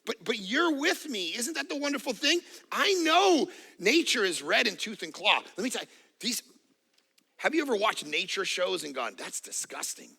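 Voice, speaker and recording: A middle-aged male pastor preaches with lively, animated delivery and playful acted-out asides. His voice sits high, with a very bright, cutting edge and a gravelly texture. He speaks in a church setting. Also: moderate pace. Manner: animated, acts out voices and jokes. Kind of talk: sermon. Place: church auditorium.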